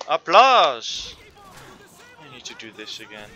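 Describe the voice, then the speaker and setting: A man's voice: medium pitch, sing-song, slow pace, sharp tone, lo-fi sound, a little hiss or hum. A man commentating on his own gameplay, frustrated and swearing constantly. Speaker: gamer. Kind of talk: let's play commentary.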